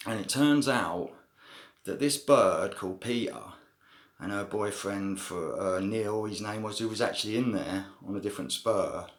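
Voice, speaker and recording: A man's voice: on the low side, moderate pace. A man telling a story to camera in a casual, rambling way, full of slang and swearing. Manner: rambling, slangy, swears, frequent "you know what I mean" fillers. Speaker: vlogger telling a prison story. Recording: roomy echo.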